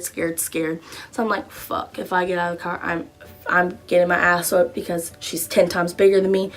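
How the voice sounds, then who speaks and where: A young woman vlogger telling a story casually, profane and animated, jumping into loud shouted quotes. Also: mid-range voice.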